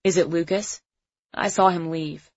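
A woman voices an easygoing teenage boy with a coaxing, casual way of talking. The voice sits a little low. The recording is dry and slightly muffled. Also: steady tone, unhurried, dry recording.

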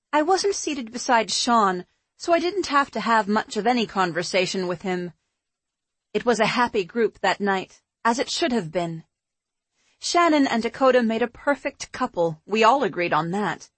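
A woman narrating a first-person audiobook in an even, measured reading. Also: on the high side, dry recording.

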